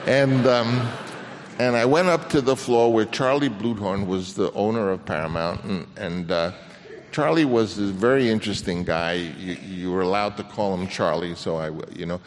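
An older man, a film director, telling an anecdote on stage in a halting way with many restarts, acting out the voices he quotes. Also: on the low side. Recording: long reverb of a hall.

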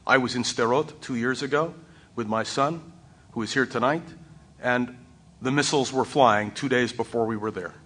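A man speaking on a panel, blunt and deliberate, pressing his points firmly. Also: medium pitch, a bit bright. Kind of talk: panel discussion.

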